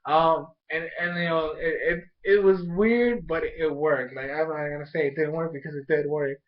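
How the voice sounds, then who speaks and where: Excitable rambling young guy, dull lo-fi sound. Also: fairly high pitch, moderate pace. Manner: rambling and excitable, lots of fillers and restarts. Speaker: anime episode reviewer. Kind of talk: casual recap and review. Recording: dull lo-fi home recording.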